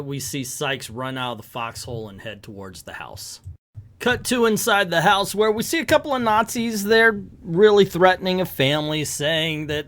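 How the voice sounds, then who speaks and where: Hesitant man reviewing comics, slightly high voice. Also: very animated, moderate pace, a bit bright. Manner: hesitant, rambling, frequent fillers. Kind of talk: casual commentary.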